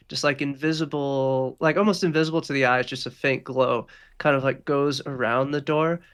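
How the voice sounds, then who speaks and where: A man narrating a tabletop game as game master, rambling with many fillers and casual swearing. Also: medium pitch.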